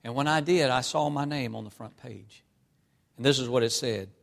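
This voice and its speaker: A man from North Carolina preaching a storytelling sermon, his voice falling to a tearful hush and rising to loud, fervent emphasis. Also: medium pitch, normal speed, gravelly. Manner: reads scripture in an old-fashioned cadence.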